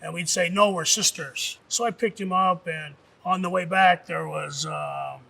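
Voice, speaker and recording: A man's voice: high-pitched, fairly even intonation, normal speed, creaky, sharp tone. A middle-aged man and former pro wrestler from Nebraska tells rambling, profane stories in a casual documentary interview. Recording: distant mic with faint music.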